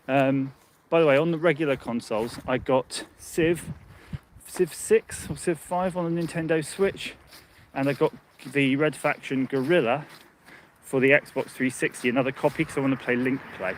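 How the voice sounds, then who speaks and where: Strolling a muddy outdoor path, a man streams live from his handheld phone, chatty, rambling, and laughing often. He speaks at medium pitch and normal speed, with a slight background noise behind him.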